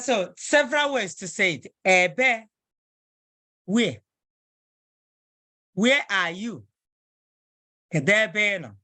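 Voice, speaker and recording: A woman's voice: fairly low pitch, fairly bright tone, no room sound. A woman teaching a language lesson, patiently repeating phrases word by word.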